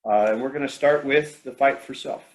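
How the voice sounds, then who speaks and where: Male presenter, mid-pitched, halting storyteller with lots of ums and restarts, online meeting talk. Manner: hesitant, many fillers and restarts, storytelling.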